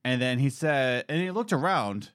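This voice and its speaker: Lively young man hosting a podcast. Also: mid-range voice, moderate pace, dry recording, clean studio sound. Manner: animated, jokey storytelling with mimicked voices. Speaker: podcast co-host. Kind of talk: casual podcast chat.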